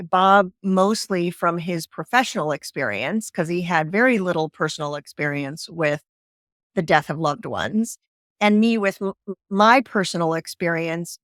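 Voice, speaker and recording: A middle-aged woman from the northern United States guests on a podcast, speaking earnestly in measured phrases and pausing with fillers as she reads a page of her own book aloud. Her voice is medium-pitched and fairly bright, with studio-quality sound and no echo.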